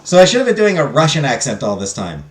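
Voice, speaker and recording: A man streaming a story game, reading its narration and chatting in an animated, rambling, self-deprecating way. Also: a little high, fast talker, roomy sound, soft background music. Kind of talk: casual game commentary and narration.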